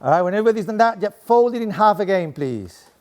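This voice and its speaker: Middle-aged man with a Spanish accent, slightly high voice; chatty, playful lecturer working the room. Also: expressive, fast, darkish tone. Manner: playful, chatty, tags lines with "okay?". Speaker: sport coaching professor giving a talk. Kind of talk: interactive talk to a live audience. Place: room with a seated audience at desks.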